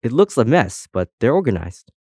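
A man voicing a chewed, smelly tennis ball with a croaking, streetwise voice. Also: mid-range voice, very animated, normal speed, darkish tone, dry recording, studio quality.

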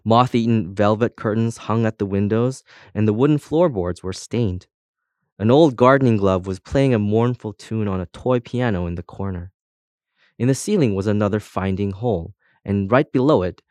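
A man narrating a children's storybook in a steady, scripted reading. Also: on the low side, moderate pace, dry recording. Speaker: audiobook narrator.

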